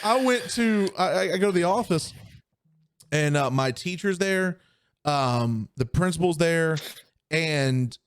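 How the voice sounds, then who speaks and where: Young male podcast co-host, casual animated storyteller, lively swooping pitch. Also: a little slow, clear, resonant tone. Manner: animated storyteller acting out quoted voices.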